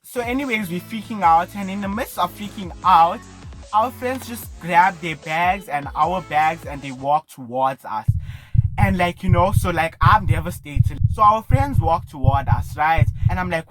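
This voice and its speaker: Brief: young South African guy, vlogger, rapid animated storytelling, swears a lot, faint music underneath. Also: a little high. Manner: animated, breathless retelling full of swearing and fillers. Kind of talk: casual storytelling.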